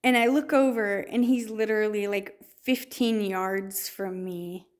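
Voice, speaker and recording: A woman's voice: mid-range voice, steady tone, measured pace. A woman telling a personal faith story in a storytelling way, with many restarts and fillers. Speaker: testimony speaker.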